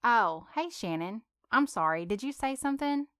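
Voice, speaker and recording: A woman's voice: a little high, animated, moderate pace, fairly bright tone, clear, resonant tone, no room sound, clean studio sound, pitched above the performer's own voice. A woman voicing a shy, flustered young woman who stammers and hesitates, in a storybook reading.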